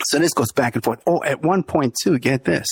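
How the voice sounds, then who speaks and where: A man's voice: fairly high pitch, fairly quick, gravelly, slightly rough, no room sound. A middle-aged man, the podcast host, telling a story in a casual interview, laughing often and acting out the people he quotes.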